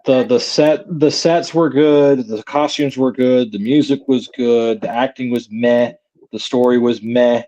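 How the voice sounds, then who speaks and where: A man's voice: medium pitch, fairly even intonation, measured pace, dark tone, dull audio. Male panel guest, blunt critic, stumbling restarts. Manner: blunt, opinionated, stammers on restarts. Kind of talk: casual chat.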